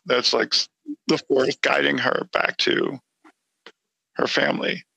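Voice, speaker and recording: Man, gravelly voice, bright, hesitant casual podcast chat. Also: mid-range voice, steady tone, a little slow, dry recording, poor audio. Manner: hesitant, many fillers and restarts, teasing. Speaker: podcast co-host.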